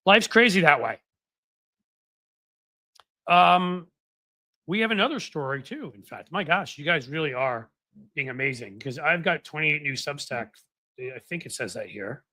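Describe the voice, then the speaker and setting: A man hosting a political live stream, chatting loosely with viewers, full of restarts and asides. His voice sits a bit high and bright. The sound is dry and close on a desk mic. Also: expressive, unhurried, long pauses, no room sound. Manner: rambling, chatty, many fillers and restarts. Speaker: political commentary host. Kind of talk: casual live-stream chat. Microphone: desk microphone.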